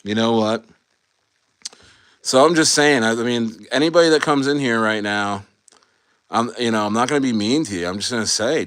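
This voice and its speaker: A man from the United States chatting casually on his livestream at an everyday mid pitch. He rambles, restarts his sentences and swears freely as he talks to his viewers. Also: normal speed, long pauses, a bit bright, no room sound, clean studio sound. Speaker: livestream host.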